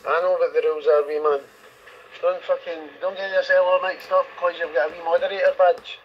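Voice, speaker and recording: Higher male voice, blunt and sweary channel admin, muffled audio. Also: flat delivery, fairly quick. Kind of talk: push-to-talk voice chat. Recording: dull lo-fi voice app audio with faint hiss.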